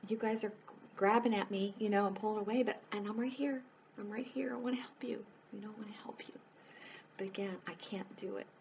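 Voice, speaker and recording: A woman's voice: mid-range voice, darkish tone, a little hiss or hum. A woman life coach talking straight to her viewers in a casual, earnest way, pleading with them and leaning on "you know" as she goes. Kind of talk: casual direct-to-camera chat.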